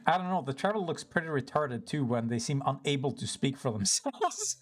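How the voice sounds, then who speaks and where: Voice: mid-range voice, expressive, a little fast, faint music behind. A game streamer chatting casually while playing, self-mocking and rambling, swearing now and then, and breaking into laughter often. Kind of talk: casual live-stream commentary over gameplay.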